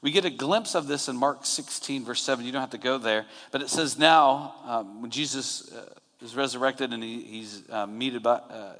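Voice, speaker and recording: A man preaching a sermon in a relaxed, conversational way, retelling scenes and acting out quotes. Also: medium pitch, moderate pace. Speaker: pastor. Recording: long hall reverb.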